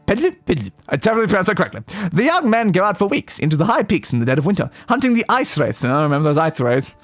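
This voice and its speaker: A man streaming a game reads the in-game lore aloud in a high voice that rises and falls with great liveliness. He keeps stopping to joke, correct his pronunciation and laugh at tricky words. Soft music plays behind him. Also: sing-song, very fast, no room sound. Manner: reads aloud with playful asides and self-corrections; stumbles on words and laughs at them. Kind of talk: casual livestream reading aloud.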